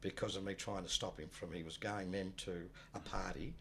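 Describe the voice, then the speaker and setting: A man telling a personal story in a rambling, halting way, often dropping low and quiet. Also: steady tone, vocal fry, a little hiss or hum. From Australia. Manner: rambling, many restarts, low and subdued when recalling loss. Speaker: guest telling his life story. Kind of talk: casual spoken storytelling.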